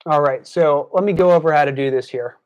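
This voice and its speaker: A young man tutors live on stream from his desk indoors by a screen, chatting casually with lots of fillers and restarts. He stops now and then to scold trolls in the chat, sounding exasperated. His voice is on the high side, fairly quick and a little mellow, with lo-fi sound.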